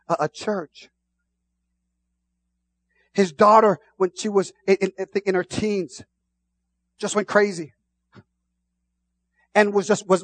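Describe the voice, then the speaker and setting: A man pastor preaching a sermon, moving from quiet asides to shouted, fervent passages. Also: sits high, dry recording.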